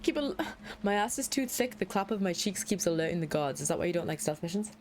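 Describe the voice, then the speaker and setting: A woman's voice: lowish voice, animated, quick pace, darkish tone, slight background noise. A young woman streamer chatting casually and playfully while playing a game, swearing freely. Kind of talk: casual live-stream chat while gaming.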